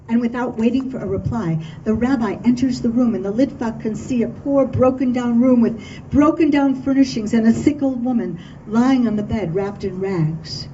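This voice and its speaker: A woman tells a folk tale to a dinner audience with lively, expressive pacing. Her voice is fairly high and mellow. The recording is dull and distant, with faint room ambience behind her. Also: normal speed, a little hiss or hum. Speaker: storyteller. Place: dinner event hall.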